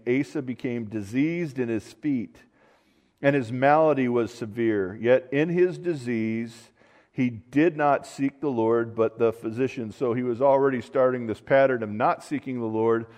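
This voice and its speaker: A man's voice: medium pitch, a little slow, darkish tone, in a large hall. A man preaching a conversational sermon as pastor, reading scripture and wandering into asides and restarts.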